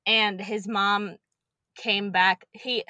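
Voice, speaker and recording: A woman's voice: mid-range voice, fairly even intonation, drawn-out words, sharp tone, no room sound. A young woman and preschool teacher chatting as a podcast guest, telling stories animatedly and swearing casually.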